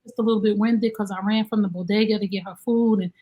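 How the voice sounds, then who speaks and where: A woman co-hosting a casual talk show, telling an animated story and acting out what people said. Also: medium pitch, fast talker. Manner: animated storyteller, acts out quoted dialogue. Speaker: co-host; special needs mom. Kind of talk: casual chat.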